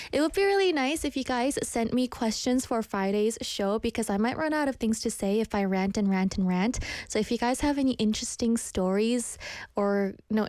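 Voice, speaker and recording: A woman's voice: mid-range voice, darkish tone, no echo. A young adult woman casually reading viewers' comments aloud and telling rambling stories from her own life. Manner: chatty, storytelling, ranting. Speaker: streamer reading chat messages.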